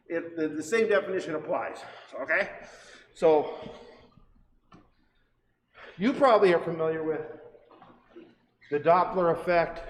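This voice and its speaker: A man teaching a livestreamed science demo in a chatty, rambling way, correcting himself and laughing often. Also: on the high side. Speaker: science center educator. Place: science center exhibit hall. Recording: echoey hall with faint noise.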